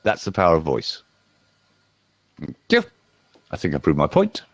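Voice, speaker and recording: A man's voice: a bass voice, huge pitch swings, normal speed, lo-fi sound. A middle-aged man, a voice coach, giving a playful, rambling demonstration and talking straight to one viewer. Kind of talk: lively demonstration talk.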